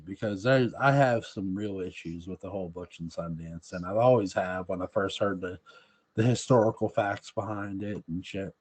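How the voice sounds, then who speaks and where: A man hosting a movie review podcast, talking in a loose, rambling way and laughing often. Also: on the low side. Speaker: podcast host. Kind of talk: casual movie review chat.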